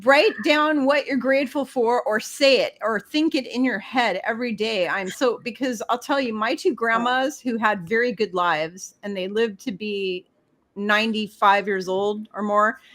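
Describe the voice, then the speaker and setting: A woman's voice: a little high, normal speed, a bit bright. Emphatic woman giving spiritual advice. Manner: emphatic, preachy, talks to the listener directly. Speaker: spiritual guest. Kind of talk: casual spiritual advice talk.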